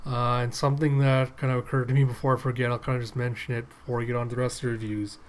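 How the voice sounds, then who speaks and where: A man's voice: medium pitch, little pitch movement, racing, low-quality recording. A man recapping and reviewing a manga chapter in a casual, rambling way with lots of fillers.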